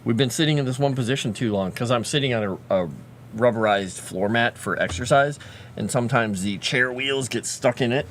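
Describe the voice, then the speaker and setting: A man's voice: medium pitch, a little fast, a bit bright, slight background noise. A man chatting casually on a livestream, talking fondly to his pet and his viewers. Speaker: livestreamer and fantasy lore writer.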